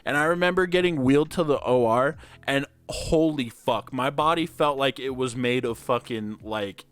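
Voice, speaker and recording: A man's voice: medium pitch, moderate pace, fairly bright tone, smooth, no room sound. A young man hosting a podcast, telling stories in a crude, laid-back way that is full of "like" and swearing. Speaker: podcast host. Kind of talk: casual storytelling chat.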